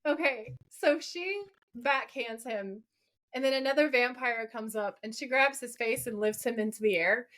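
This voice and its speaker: A woman's voice: a little high, normal speed, fairly bright tone. A woman in her forties co-hosting a podcast, enthusiastically recapping a TV episode in casual chat and swearing now and then. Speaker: podcast co-host.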